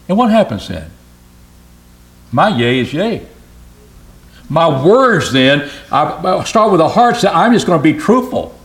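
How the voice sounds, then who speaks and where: A man preaching a sermon in an earnest, emphatic way, often repeating phrases. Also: high-pitched.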